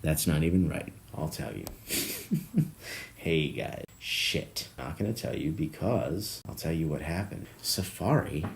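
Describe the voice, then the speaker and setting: A man hosting a solo podcast, rambling through tangents with lots of swearing and laughter, jumping between low mutters and loud bursts. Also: very animated, slow pace, gravelly, slight background noise. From South Florida. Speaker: podcast host.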